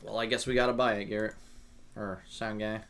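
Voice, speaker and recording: A man co-hosting a casual gaming podcast with a sarcastic, deadpan manner. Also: fairly low pitch, fairly quick, creaky. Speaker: podcast co-host. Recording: faint background noise.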